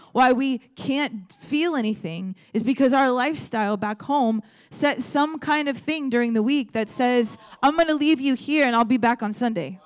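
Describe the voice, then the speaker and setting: A young woman preaches in a casual, conversational way. She tells stories and speaks straight to the crowd with a slightly high voice. Her delivery is relaxed and direct. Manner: conversational, storytelling, direct to audience. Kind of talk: sermon.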